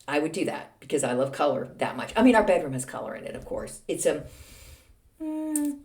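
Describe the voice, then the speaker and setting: A woman's voice: low voice, expressive, quick pace, darkish tone. A woman in her sixties from Texas, hosting a podcast with a chatty, self-mocking, ranting monologue. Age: 60s. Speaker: podcast host. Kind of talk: casual monologue.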